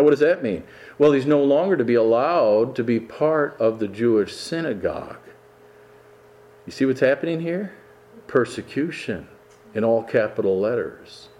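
A man's voice: mid-range voice, mellow. A man, a pastor, teaching through a Bible passage verse by verse in an enthusiastic, emphatic way with frequent chuckles.

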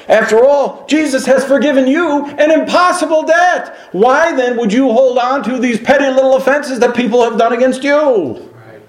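A male pastor preaching with real force, his voice falling quiet before it leaps up in loud bursts. His voice sits a bit high for a man. The room around him rings with echo. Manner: emphatic preaching, swinging from hushed to loud exclamations. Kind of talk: sermon.

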